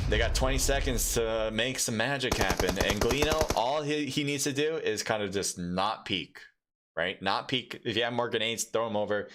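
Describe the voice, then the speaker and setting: A man casting a live mobile esports match solo, chatty and rambling, with lots of fillers and sudden bursts of excitement. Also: fairly low pitch, heavy background noise. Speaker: esports caster and streamer. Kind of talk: solo live game commentary.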